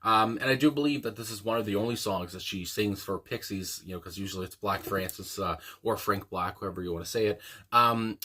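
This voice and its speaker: A young man chats casually about a song he just heard, rambling and enthusiastic, with plenty of ums and uhs. His voice sits fairly low but sounds bright and forceful. He comes across as an eager host thinking aloud. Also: a little fast. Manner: rambling and enthusiastic, with frequent fillers. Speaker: music reaction channel host. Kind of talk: casual music reaction commentary.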